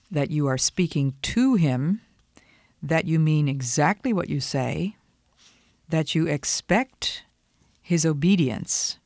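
An older woman and grandmother giving earnest, measured advice on disciplining children. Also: sits low, a little mellow, no echo, clean studio sound. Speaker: parenting advice speaker. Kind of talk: instructive talk.

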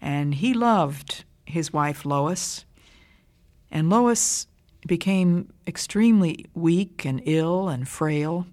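An older woman giving a scripted radio Bible talk in a measured, emphatic way. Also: lowish voice, a little mellow, no room sound, studio quality. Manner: measured, deliberate, emphatic delivery.

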